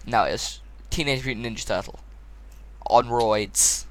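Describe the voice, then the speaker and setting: A man's voice: medium pitch, a little slow, a bit bright. Blunt, mocking male film reviewer. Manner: blunt, mocking, runs the discussion. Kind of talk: casual chat.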